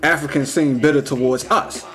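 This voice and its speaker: A young man talking in a casual, rambling vlog monologue, full of "like" and "you know", slangy and animated. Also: fairly high pitch, normal speed. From United States. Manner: rambling, heavy use of "like" and "you know", restarts; slangy, animated when retelling. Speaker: vlogger.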